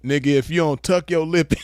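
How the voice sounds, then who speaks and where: A man's voice: fairly high pitch, darkish tone. A man giving a casual commentary rant, crude, emphatic and lecturing. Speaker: online commentator.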